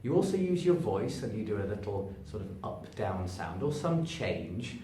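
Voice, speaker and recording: In an echoey room, standing in front of a sign, a man teaches English pronunciation to camera at a moderate pace. He demonstrates stress by drawing words out, his pitch shifting lively, while he moves toward and away from the distant camera; the voice sounds remote, with faint noise behind it.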